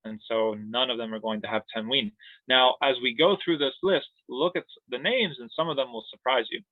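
A man's voice: mid-range voice, brisk, no room sound. A man teaching Arabic grammar in an online class, explaining in a playful, jokey way. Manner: playful, jokey explanations with laughs and siren sounds. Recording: tinny phone-like line.

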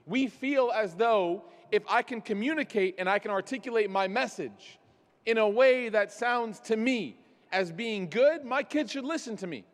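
High-voiced man preaching in an echoey hall. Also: normal speed. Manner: storytelling with self-deprecating jokes. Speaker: speaker. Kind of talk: religious talk at a gathering. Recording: long hall reverb.

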